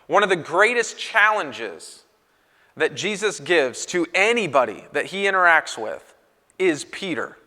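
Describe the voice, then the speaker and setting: A bright, forceful man gives a lively conference talk to church leaders, throwing his pitch up sharply whenever he acts out a quoted voice. His voice sits fairly high for a man. It rings through a large hall with a long tail of reverb. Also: measured pace.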